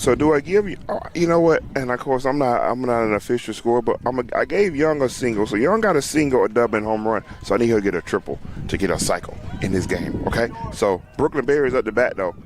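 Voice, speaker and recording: Casting: a man, easygoing sideline softball commentator, chatty, talks straight to viewers and players. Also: medium pitch, lively intonation, fast, few pauses. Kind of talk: casual play-by-play commentary. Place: outdoors at a softball game.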